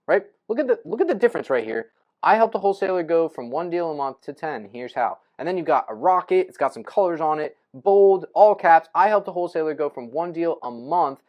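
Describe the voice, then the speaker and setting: Typing as he goes, a young man who coaches real estate investors talks through his thinking in an informal screen-share tutorial on post writing. Steps get capped off with a quick "right?" or "boom."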